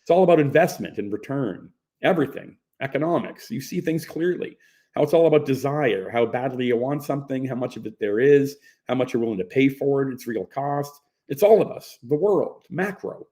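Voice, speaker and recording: A man's voice: medium pitch, expressive, brisk, warm tone, pitched above the performer's own voice, lightly acted. A man reading the part of a laid-back young man who muses matter-of-factly about economics and life. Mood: lecturing.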